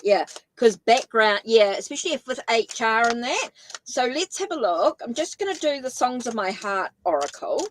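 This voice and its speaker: A woman's voice: a little high, expressive, normal speed, a little hiss or hum, rough recording. A woman with a New Zealand accent giving a live-stream tarot reading, thinking aloud and correcting herself as she goes. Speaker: tarot reader.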